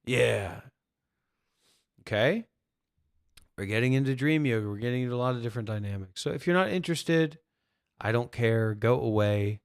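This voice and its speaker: A man's voice: mid-range voice, normal speed, pauses often, clear, resonant tone, no room sound, clean studio sound. A man who teaches spirituality, talking bluntly and profanely to viewers on a livestream. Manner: blunt and profane, acting out quoted voices.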